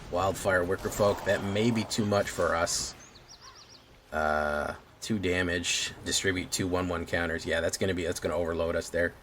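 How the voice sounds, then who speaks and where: Deep-voiced man muttering through a game. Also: fairly even intonation, fairly bright tone, a little hiss or hum. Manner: mutters plays aloud with quick exclamations. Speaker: gaming streamer. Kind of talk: casual gameplay commentary.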